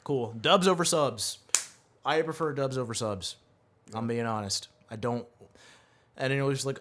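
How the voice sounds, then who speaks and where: A man's voice: medium pitch, a little slow, pauses often, fairly bright tone. Blunt, foul-mouthed man on a podcast. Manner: blunt and profane. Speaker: podcast co-host. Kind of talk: casual chat.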